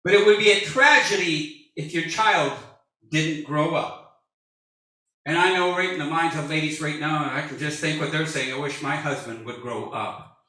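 A man in his early sixties preaching with a high, ringing, very bright voice. He jokes and builds to shouts, and he sounds set back from the mic in a reverberant church hall. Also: moderate pace. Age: 60s. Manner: animated, jokey preaching with rising shouts. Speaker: pastor. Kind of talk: sermon. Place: church sanctuary. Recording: echoey church hall from far off.

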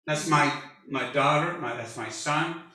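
A man around sixty preaching a sermon as pastor, animated and joking, rising at times to a shout. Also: a little high, unhurried. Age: 60s. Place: church sanctuary. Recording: echoey church hall from far off.

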